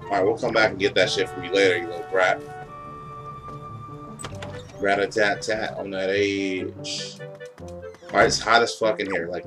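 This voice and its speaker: A young man giving casual, profane, joking commentary while playing a video game at home. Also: lowish voice. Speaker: gaming YouTuber. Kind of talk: casual let's-play commentary. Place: hot room at home with window closed. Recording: loud game music underneath.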